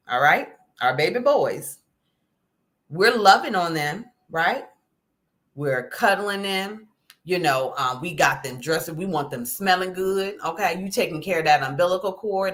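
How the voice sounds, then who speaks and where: A middle-aged woman hosting a casual talk, folksy and animated, often checking in with "okay?". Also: lowish voice. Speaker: host. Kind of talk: casual talk to a live audience.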